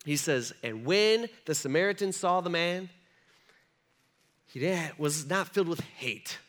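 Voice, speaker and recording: A man's voice: on the high side, measured pace. A man preaching a sermon to a live congregation in a casual, conversational way, acting out quoted lines as he goes. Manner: animated, conversational, acts out dialogue. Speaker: pastor.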